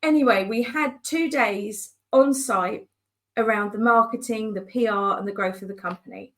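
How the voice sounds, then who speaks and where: A woman business coach telling stories in a conversational way, animated and acting out the voices of people she quotes. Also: a little high, moderate pace. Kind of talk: conversational storytelling.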